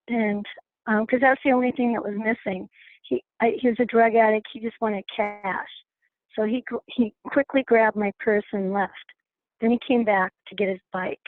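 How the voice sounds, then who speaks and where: A woman on a phone call in a class, earnestly telling a personal story with halting restarts. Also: a little high, dry recording. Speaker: class participant sharing a story. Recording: tinny phone line, dry.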